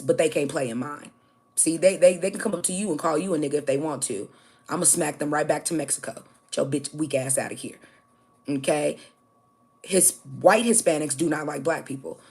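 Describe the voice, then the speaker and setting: A woman's voice: deep voice, darkish tone, breathy edge. Blunt, fiery woman live-streaming. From United States. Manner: blunt, confrontational, profane; addresses viewers directly, repeating "okay?". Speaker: livestream host. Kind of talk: livestream rant answering chat.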